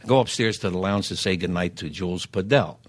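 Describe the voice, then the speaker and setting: A man, telling lively anecdotes as a podcast guest and acting out the dialogue. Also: deep voice, fast. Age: 70s. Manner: animated raconteur who acts out quoted dialogue. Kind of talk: anecdotal storytelling.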